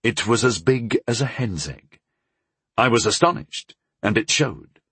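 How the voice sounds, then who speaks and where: A man narrating a first-person fantasy audiobook in an expressive storytelling manner with a husky voice. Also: mid-range voice, unhurried, dry recording.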